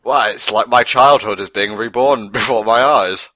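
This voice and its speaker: Sarcastic guy, low voice but kinda sharp, dead dry mic, commentary quips. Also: moderate pace, no room sound. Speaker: commentary co-host. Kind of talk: casual watch-along commentary.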